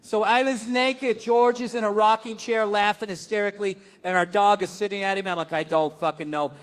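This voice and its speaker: High-voiced profane stand-up comedian, man. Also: flat delivery, brisk, fairly bright tone. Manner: profane, exasperated storytelling.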